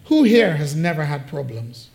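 A man's voice: on the high side, sing-song, normal speed, creaky, darkish tone. A man preaching a sermon, telling a story with playful asides and jokes.

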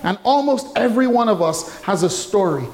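A middle-aged man preaching a sermon in a church, telling stories with animated humour and frequent laughter. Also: sits high, brisk, reverberant. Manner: animated, humorous storytelling with laughter. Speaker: pastor.

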